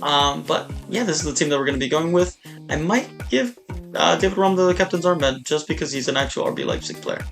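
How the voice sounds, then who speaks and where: A man giving casual, rambling live commentary while playing a soccer video game, often breaking into excited shouts and cheers. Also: a little high, a little fast, vocal fry, soft background music. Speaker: gaming YouTuber.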